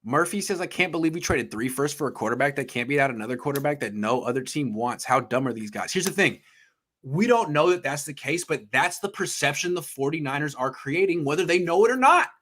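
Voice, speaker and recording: A man co-hosting a sports talk show, ranting in an emphatic, heated way and swearing as he gets excited. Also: a little fast. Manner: ranting, emphatic, swears, pitch jumps when worked up. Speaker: podcast co-host.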